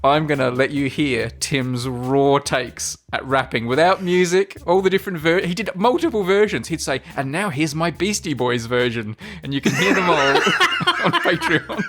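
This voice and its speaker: A man's voice: fairly high pitch, lively intonation, moderate pace, a bit bright, a little hiss or hum. A man co-hosting a podcast in casual chat, reading out listener messages and laughing often as he goes. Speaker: podcast co-host.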